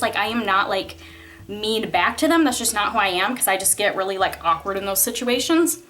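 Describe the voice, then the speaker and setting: A woman's voice: fairly high pitch, a bit bright. Chatty young woman telling a story. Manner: chatty, filler-heavy, many "like"s, exasperated retelling. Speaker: vlogger. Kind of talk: casual storytime vlog.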